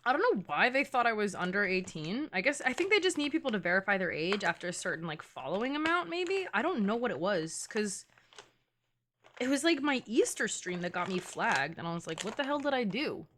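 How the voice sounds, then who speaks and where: A woman's voice: medium pitch, big pitch swings, brisk, fairly bright tone, a little hiss or hum. A woman in her twenties, a streamer chatting casually and playfully with her live chat, teasing and filling her talk with "like".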